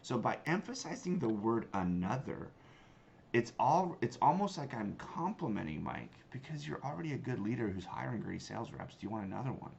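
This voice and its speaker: A man's voice: mid-range voice, big pitch swings, fairly quick, gravelly, a little mellow. A man teaching cold calling in a casual, emphatic, conversational way. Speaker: sales trainer and company founder. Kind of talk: instructional talk with demo lines. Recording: slightly dull lo-fi sound, faint noise.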